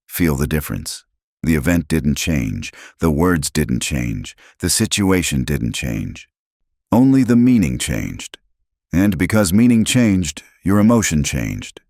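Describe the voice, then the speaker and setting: A man narrating a self-help audiobook from a script, speaking dramatically in short punchy phrases with pauses between them. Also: rumbling low, very animated, a little mellow, no echo, studio quality.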